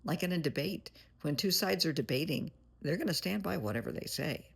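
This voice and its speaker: Gravelly, husky woman therapist. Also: sits low, expressive, fairly quick. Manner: blunt, plain-spoken, calls listener honey. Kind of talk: motivational monologue.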